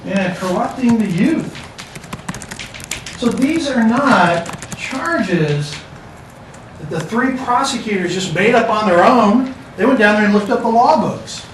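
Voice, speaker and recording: A man's voice: high voice, expressive, takes it slowly, far from the mic, a little hiss or hum. A man teaching a class, with a casual, joking lecture manner. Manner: casual, joking, talks to students. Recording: echoey classroom recorded from afar.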